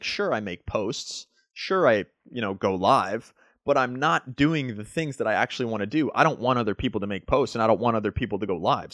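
A man's voice: mid-range voice, fairly bright tone, no room sound, clean studio sound. A man who works as a fitness coach, talking casually through a solo podcast monologue. He rambles and keeps dropping "like" and "right?".

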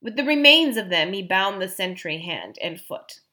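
A woman narrating a children's fantasy audiobook, expressive and voicing each character. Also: medium pitch, normal speed. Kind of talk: storybook narration.

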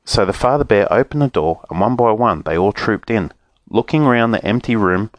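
A man reading a children's storybook aloud with an expressive, animated delivery. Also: on the low side, normal speed, no echo. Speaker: narrator.

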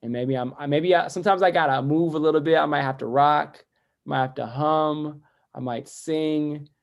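A man, a poet and educator, speaking reflectively as a guest in a podcast interview, with many "like" fillers and a voice that drops soft and quiet when he turns inward. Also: mid-range voice, creaky.

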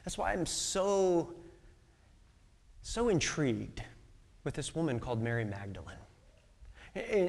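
A man with a notably high voice delivers an impassioned sermon. He retells a scripture story with voices for each figure. His volume swings from ringing peaks down to near-whispers. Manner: dramatic swings from loud to hushed whisper. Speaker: pastor.

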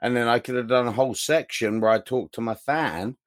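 A man's voice: medium pitch, brisk, no echo, studio quality. A man co-hosting a podcast in casual chat, teasing his partner with mock-aggrieved banter. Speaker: podcast co-host.

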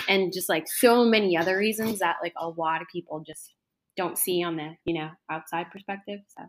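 A woman's voice: on the low side, steady tone, normal speed. A young woman talking casually in an interview, chatty, with lots of fillers. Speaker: interview guest, culinary school graduate.

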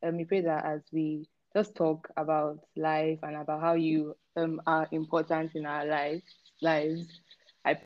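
A young woman with a very low voice speaks on a podcast, soft and unhurried. The sound is a little dull, and she stops often on "um". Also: flat delivery. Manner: soft, hesitant, many "um"s. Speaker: podcast guest. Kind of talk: casual chat and spoken prayer.

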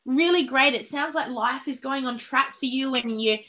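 A woman's voice: sits high, moderate pace, sharp tone. A woman hosting a podcast, speaking with effusive enthusiasm and encouragement as she asks her guest questions. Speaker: podcast host, self-love practitioner. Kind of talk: warm interview chat. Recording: slightly dull lo-fi sound.

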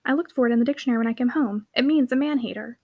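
A woman voicing a quiet, earnest little girl who answers plainly in a storybook reading. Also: on the high side, racing, muffled recording.

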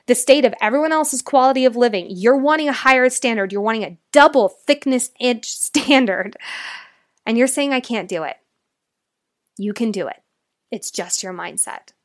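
A woman's voice: a little high, a bit bright, no room sound. Brief: young woman life coach, solo podcast host, heartfelt and motivational, dry close mic. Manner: earnest, emotional, motivational.

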